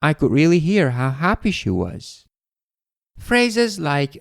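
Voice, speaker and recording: A man teaching an English lesson, explaining phrases in a clear, deliberate way. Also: fairly high pitch, very animated, no echo, studio quality. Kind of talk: scripted language lesson.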